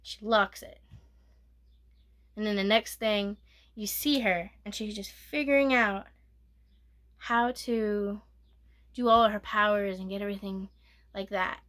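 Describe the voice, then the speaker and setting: A woman giving a soft-spoken ASMR movie recap, rambling and correcting herself, sometimes dropping to a whisper. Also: medium pitch, fairly even intonation, unhurried, pauses often. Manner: rambling, self-correcting retelling with filler "like". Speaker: movie reviewer.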